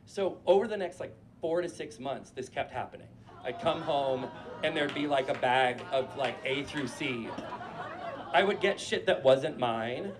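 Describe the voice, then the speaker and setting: Animated, profane man telling a story. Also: mid-range voice, a little slow, over music, a crowd in the background. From New Hampshire. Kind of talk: live storytelling. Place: stage in front of a live audience.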